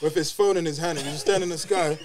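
A young man with a London accent, a podcast guest telling stories in animated, slangy casual chat. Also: on the high side, very fast, a loud crowd.

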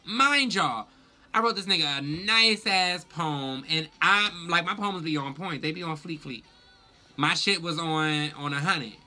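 A young man telling a storytime vlog in a sassy, profane, animated way. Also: a little high, measured pace. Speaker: vlogger.

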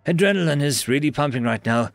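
A man's voice: a little high, lively intonation, quick pace, dry recording, soft background music, voice pushed up. A man voicing a cheerful, reckless human soldier who talks casually and shrugs off danger.

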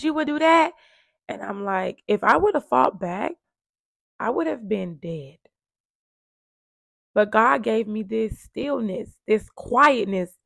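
A woman's voice: mid-range voice, creaky, fairly bright tone, no room sound, studio quality. A woman earnestly telling her own story of surviving domestic violence, with emphatic repetition. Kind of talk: emotional personal storytelling.

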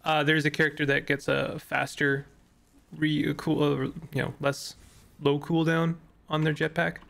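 Gravelly-voiced man rambling over gameplay. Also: on the high side, level tone, unhurried, a bit bright. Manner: rambling, many fillers and restarts. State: losing his voice. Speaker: gaming YouTuber. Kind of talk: casual gameplay commentary.

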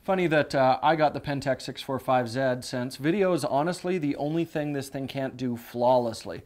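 A man's voice: medium pitch, normal speed, darkish tone, faint music behind. A man co-hosting and editing a camera review show, talking gear with tipsy enthusiasm. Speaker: co-host and editor. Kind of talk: casual product review banter.

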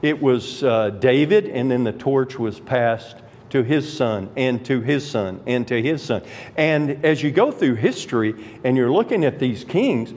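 A man's voice: medium pitch, expressive, darkish tone. A man preaches a verse-by-verse sermon, taking his time over each point. His voice swoops up and down expressively as he drives home the emphatic words. The sound carries the long ringing reverb of a church sanctuary. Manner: deliberate expository preaching with emphatic rises. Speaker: Bible teacher.

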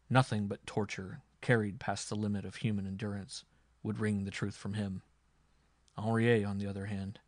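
Brief: male audiobook narrator, low voice, dry close-miked sound, measured dramatic reading. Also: a little mellow, dry recording. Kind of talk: scripted narration.

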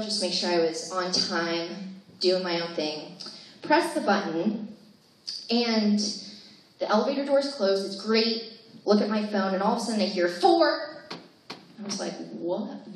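A young woman in her twenties doing a chatty, self-deprecating stand-up set full of fillers at a live comedy show. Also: medium pitch. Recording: echoey room, distant mic, faint noise.

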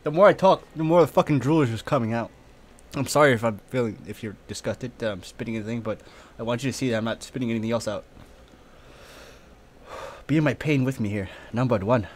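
A man's voice: mid-range voice, brisk, slight background noise. Casting: male streamer, casual chat, voice strained and sniffly from spice, swears a lot. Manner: pained, coughing and spitting, cursing freely. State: drooling, tearing up, sniffly.

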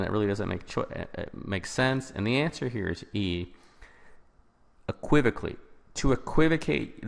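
A man tutoring for an exam in a recorded lesson, his very low voice carrying a gravelly edge. He works through the answer choices one by one, often restarting mid-sentence. The sound has a long, hall-like reverb around it. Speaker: test prep tutor.

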